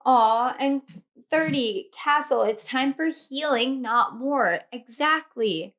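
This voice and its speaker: A woman giving a casual tarot reading, speaking affectionately and repeating warm encouragements to her viewers. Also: high voice, expressive, slow pace. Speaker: tarot reader.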